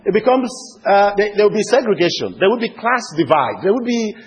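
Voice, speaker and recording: A man preaching a sermon, swinging from loud emphatic declarations to hushed, intimate appeals. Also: high-pitched, sing-song, fairly quick, few pauses, breathy edge, lo-fi sound.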